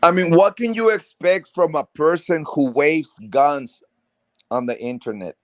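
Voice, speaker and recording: A man from South Texas rants on a live stream in a slow, deliberate drawl, stacking curses and repeating phrases for emphasis. His voice sits a bit high, and the sound is dry and close. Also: no room sound. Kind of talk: heated casual rant.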